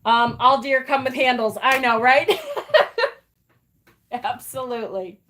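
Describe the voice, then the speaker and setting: A woman's voice: a little high, fairly even intonation, slow pace, fairly bright tone. A middle-aged woman hosting a casual live stream, chatty and affectionate, with many fillers and emotional asides. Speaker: livestream host.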